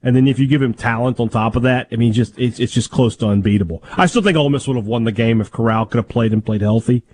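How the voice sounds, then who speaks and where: A man on a sports talk radio show breaks down a football game with emphasis. His voice sits at a middle pitch. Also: fast, darkish tone, a little hiss or hum.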